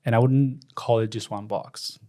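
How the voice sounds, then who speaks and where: A man's voice: lowish voice, fairly even intonation, unhurried. Thoughtful male host. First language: Polish. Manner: thoughtful, thinking out loud. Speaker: interview host. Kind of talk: casual conversation.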